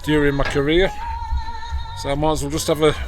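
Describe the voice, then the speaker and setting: A man's voice: a little high, level tone, a little fast. Blunt older Englishman in a garden. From England. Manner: blunt and cheeky, swears freely. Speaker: vlogger, ex-soldier. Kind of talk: casual chat. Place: garden, outdoors. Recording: faint music in the background.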